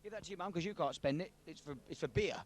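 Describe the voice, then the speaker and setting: A man interviewing people for jokes, jovial and quick to laugh. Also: fairly high pitch, slight background noise. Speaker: street interviewer collecting jokes. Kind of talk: vox-pop banter.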